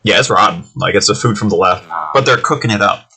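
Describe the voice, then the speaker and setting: A man's voice: lowish voice, fast, crowd noise. A man narrating as game master of a tabletop game, loose and full of fillers.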